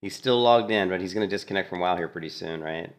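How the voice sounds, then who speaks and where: A man casually commentating on a gameplay clip, animated and mocking, laughing often. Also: sits low, quick pace. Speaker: gaming streamer.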